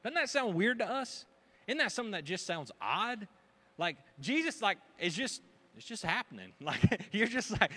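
Male preacher, animated and joking, bright, lively delivery. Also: high-pitched, moderate pace. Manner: animated, joking, acts out gossiping voices. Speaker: pastor. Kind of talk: sermon.

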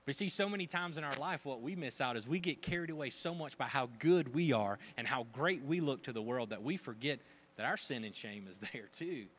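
A man's voice: medium pitch, animated, fairly quick, fairly bright tone, a little hiss or hum. A man preaching a sermon to a congregation, joking and acting out gossiping voices as he tells the story. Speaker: pastor.

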